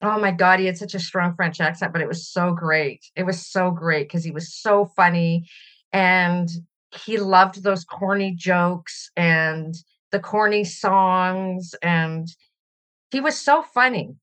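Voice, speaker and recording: A woman's voice: on the low side, takes it slowly. A middle-aged woman from Canada, a podcast guest speaking reflectively in a conversational interview. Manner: reflective and warm, laughs while telling stories.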